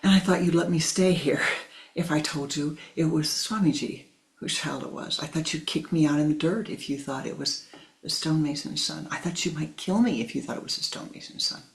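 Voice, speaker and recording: Guy doing a teary young village girl, soft whispery pleading, bit gravelly. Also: a little high, fairly quick, low-quality recording. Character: young village woman confessing, tearful.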